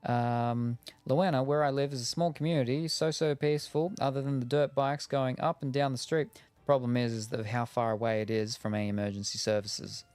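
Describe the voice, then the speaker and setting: A man's voice: mid-range voice, fairly even intonation, a little fast, darkish tone, clean tone, no echo. An Australian man chatting casually while playing a game, rambling with lots of fillers and jokes. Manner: rambling, lots of ums, jokey. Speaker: gaming streamer. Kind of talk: casual chat while gaming.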